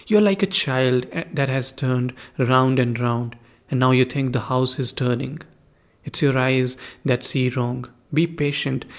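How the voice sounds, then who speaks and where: A man's voice: mid-range voice, natural voice. A man voicing a poor, pious husband who lectures his wife in a sermonizing way. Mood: defiant.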